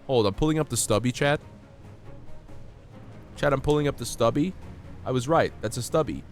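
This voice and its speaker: A man streaming a game while sick with a cold, chatting in a playful, excitable way and coughing now and then. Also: mid-range voice, normal speed, faint music behind. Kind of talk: casual live-stream gameplay chat.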